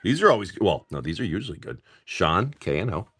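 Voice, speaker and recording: A man's voice: deep voice, very animated, brisk, fairly bright tone, husky. A man hosting a live stream where he opens card packs, chatting casually and upbeat with viewers, greeting them by name and swearing freely.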